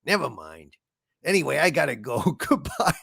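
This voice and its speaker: A meandering male spaceship computer, put on by a man, talks like a shambling detective. The voice is gravelly and husky, with a lively pitch. The sound is dry and close. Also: moderate pace, dry recording, exaggerated voice. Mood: rambling. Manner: meandering, polite, trails off with "sir". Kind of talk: comedy impression sketch.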